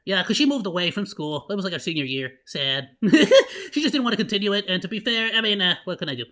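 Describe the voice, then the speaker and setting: A man hosting a casual reaction stream, loud and rambling with many restarts. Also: high-pitched, lively intonation, fast. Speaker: vtuber host.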